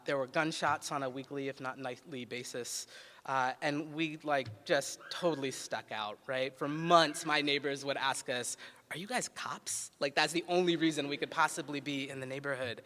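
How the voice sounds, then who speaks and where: A man's voice: a little high, a bit bright. A man in his forties, a pediatrician and city health director, giving a ceremony speech full of personal stories in a conversational, humorous way with frequent "uh" fillers. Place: large ceremony hall. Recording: echoey hall reverb.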